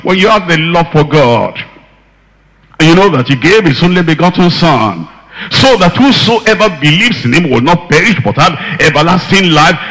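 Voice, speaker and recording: A man's voice: on the high side, a bit bright. A man preaching a sermon, quoting scripture and repeating his key phrases for emphasis. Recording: long hall reverb.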